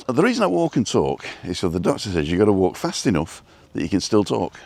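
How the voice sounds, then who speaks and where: A man live-streaming as he walks outdoors by the coast, chatty and rambling, a little out of breath from walking briskly. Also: deep voice, very animated, a little mellow, no echo. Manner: chatty, rambling, greets viewers by name. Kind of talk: casual walk-and-talk live stream.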